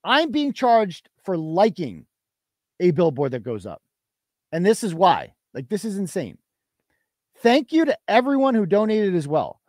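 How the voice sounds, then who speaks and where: A man's voice: sits high, huge pitch swings, unhurried, darkish tone, no room sound, clean studio sound. A male podcast host giving indignant, emphatic commentary on a live show.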